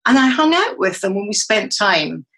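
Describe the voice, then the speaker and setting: A woman's voice: medium pitch, moderate pace, poor audio. A middle-aged woman, a psychologist and coach, speaking as a podcast guest and acting out the dialogue she quotes as she tells stories. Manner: animated storyteller who acts out quoted dialogue.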